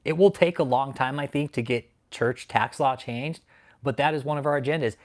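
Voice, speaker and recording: A man hosting a livestream who rants angrily with heavy swearing, swinging between loud outbursts and low grumbling while he reads out chat names. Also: normal speed. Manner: angry, profane ranting. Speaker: channel host. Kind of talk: livestream commentary, reading chat.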